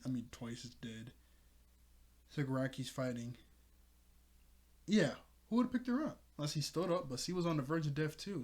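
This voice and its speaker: A man casually recapping and reviewing a comic chapter, rambling, correcting himself, with frequent ums and small laughs. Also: medium pitch. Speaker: manga reaction host.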